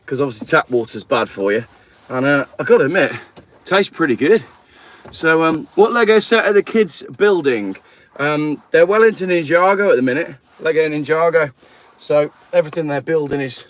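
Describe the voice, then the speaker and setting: A man hosting a casual livestream, chatting and greeting viewers while cleaning his car outdoors. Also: fairly high pitch. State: a little out of breath. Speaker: channel host.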